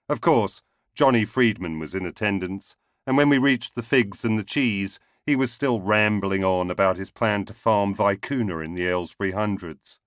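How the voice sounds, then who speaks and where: Low-voiced male storyteller. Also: a bit bright, no echo, studio quality. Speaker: narrator. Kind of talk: reading a short story aloud.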